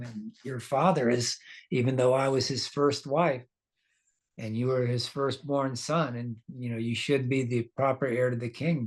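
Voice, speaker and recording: A man's voice: medium pitch, natural voice. A man voicing a weary, resigned mother telling her son to accept his fate, in a scripture class. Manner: flat, resigned.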